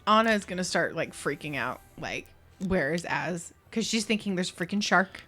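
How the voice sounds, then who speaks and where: A woman playing in a tabletop game, chatting expressively and excitably. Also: on the low side, brisk, faint music behind. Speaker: player. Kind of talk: casual tabletop play.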